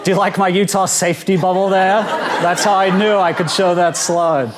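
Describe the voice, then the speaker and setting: A young South African man with a South African accent doing a stand-up comedy routine on a conference stage, animated and jokey. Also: high-pitched, moderate pace, a crowd in the background, noisy background. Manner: animated, jokey, acts out quoted voices. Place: conference hall stage with a live audience.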